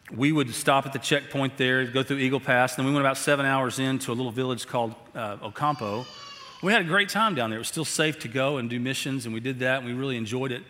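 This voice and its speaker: A man preaching a sermon, telling a story and then building to slow, emphatic exhortation. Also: medium pitch, pushed and bright. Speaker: pastor. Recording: long hall reverb.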